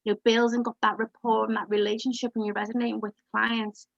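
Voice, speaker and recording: Gravelly-voiced woman counsellor, dry call audio. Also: a little high, flat delivery, fairly quick, no echo, muffled recording. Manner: reflective, chatty, with many fillers and restarts. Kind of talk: casual group discussion on a video call. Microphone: video call.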